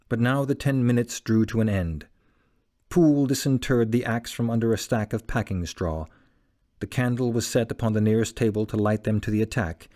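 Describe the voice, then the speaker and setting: A man reads a classic novel as an audiobook, his measured, dramatic narration delivered in a low, mellow voice.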